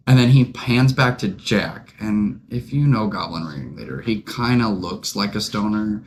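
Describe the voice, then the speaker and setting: A man's voice: fairly low pitch, unhurried, slight background noise. A young man co-hosting a podcast, telling a long anecdote in casual chat with lots of fillers. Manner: rambling, animated anecdote-telling with many fillers. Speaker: podcast co-host.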